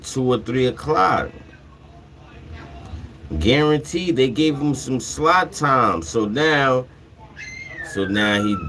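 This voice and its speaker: A man's voice: medium pitch, a little hiss or hum. A man hosting a livestream, casually retelling a dispute with lots of swearing and acted-out back-and-forth. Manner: animated, swears freely, retells conversations. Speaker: livestream host. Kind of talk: casual profane storytelling.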